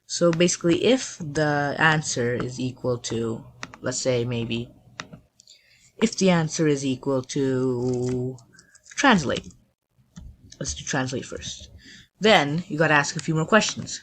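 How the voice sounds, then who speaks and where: Man, mid-pitched, casual tutorial host who narrates his own clicks with lots of restarts. Faint hiss and keyboard typing underneath. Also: takes it slowly, pauses often, a bit bright, rough recording. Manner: thinks aloud while clicking, with frequent restarts. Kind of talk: casual screen-recorded tutorial.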